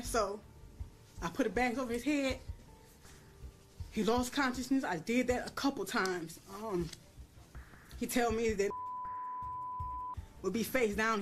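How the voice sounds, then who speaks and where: A woman testifying in a courtroom, blunt and profane, raising her voice when she re-enacts what was said. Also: on the high side. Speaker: defendant at a plea hearing.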